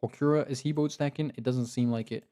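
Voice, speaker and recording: A man commentates a live online strategy match in an excitable, chatty way, often laughing and cheering players on. His voice has a dark, mellow tone and a slightly tired edge. He sounds like he is talking into a desktop mic. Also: medium pitch, quick pace. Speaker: game commentator and league host.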